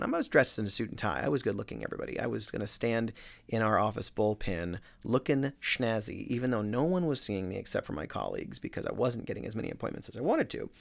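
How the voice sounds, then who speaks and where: A middle-aged man, a real estate agent, telling a story in a casual, animated, self-mocking way. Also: fairly low pitch, gravelly. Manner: animated, self-mocking, with many fillers and restarts.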